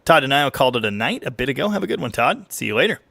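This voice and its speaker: A man with a medium-pitched, very fast voice and some vocal fry hosts a weekly car livestream, casually chatting and cracking jokes as he reads viewer comments aloud. His delivery rambles with lively ups and downs, and the studio sound is clean with no echo.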